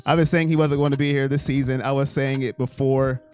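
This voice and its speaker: A man's voice: medium pitch, little pitch movement, a little fast, a little mellow, soft background music. A man hosting a casual live stream, talking through viewer chat in a rambling, talkative way.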